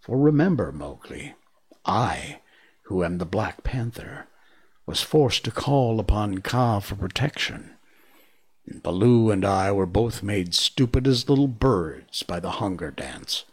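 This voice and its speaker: A man's voice: lowish voice, lively intonation, measured pace, darkish tone, slightly rough. A man reading aloud, voicing a proud, stern male black panther in formal old-fashioned speech.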